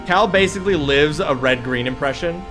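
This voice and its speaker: Young male streamer, slightly high voice, crude rambling banter with chat. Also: normal speed. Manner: joking banter with chat, swearing, rambling asides. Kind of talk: casual live-stream chat while gaming. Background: game music.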